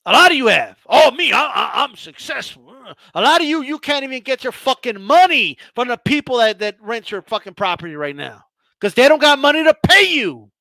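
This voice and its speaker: A man with a very high, bright, sharp-edged voice, ranting with heavy profanity. He stammers and restarts his sentences as he fires up, and the recording is close and dry. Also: sing-song, brisk, no echo. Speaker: boxing channel host. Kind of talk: profane casual rant.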